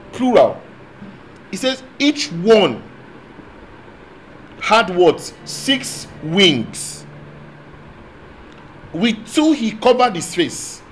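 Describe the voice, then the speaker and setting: A man preaching a sermon, moving between quiet asides and loud proclamation and asking the congregation call-and-response questions. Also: high-pitched, slight background noise, rough recording. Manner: speaks in tongues at times.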